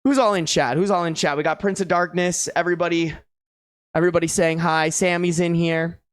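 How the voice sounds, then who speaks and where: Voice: mid-range voice, steady tone, a little fast, clean tone, dry recording. A streamer reading online posts aloud in a casual, slangy way, breaking off for exasperated, disbelieving reactions. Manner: exasperated, incredulous reactions between read passages; slangy and casual, calls listeners bro and dude.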